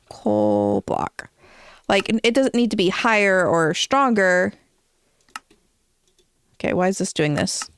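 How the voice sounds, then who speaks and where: A woman's voice: medium pitch, clean tone, no echo, studio quality. A woman streaming a game from home, chatting casually and rambling as she answers her chat.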